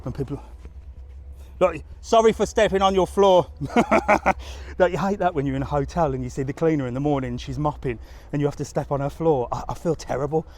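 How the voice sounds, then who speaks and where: A man's voice: fairly high pitch, brisk, a little mellow. A man chatting casually to a live audience as he walks outdoors by a harbour, rambling through stories and laughing often. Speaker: travel vlogger. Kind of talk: casual live-stream chat.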